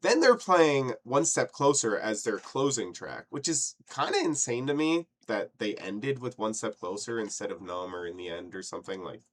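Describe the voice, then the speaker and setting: A young man co-hosting a casual podcast, telling stories with swearing and loud, mocking outbursts. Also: lowish voice, moderate pace, hardly any pauses, a little hiss or hum. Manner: animated storyteller, swears, mocks wrong lyrics with rising outbursts. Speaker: podcast co-host. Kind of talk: casual chat.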